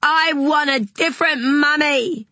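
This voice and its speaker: A woman voicing a small boy throwing a whiny, shrieking tantrum, with a breathy voice. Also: high voice, a little slow, bright, forceful tone, no echo, voice pushed up. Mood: screaming.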